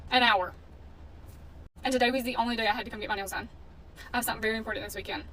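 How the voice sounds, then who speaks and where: A woman's voice: a little high, fairly even intonation, very fast, bright, forceful tone. Blunt, indignant woman telling a storytime. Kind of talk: casual storytime vlog. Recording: distant mic with faint background noise.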